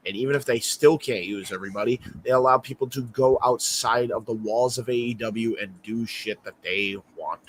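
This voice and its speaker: A man's voice: medium pitch, normal speed, hardly any pauses, slight background noise. Blunt, cursing wrestling panelist man. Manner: argues his point bluntly with profanity. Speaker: panelist on a wrestling talk show. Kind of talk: casual online chat.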